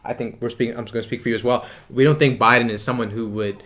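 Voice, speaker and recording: A quick-talking man co-hosting a casual political podcast who reaches for sports comparisons. His words come out fast and chatty at a middling pitch for a man. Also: steady tone, a bit bright. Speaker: podcast co-host.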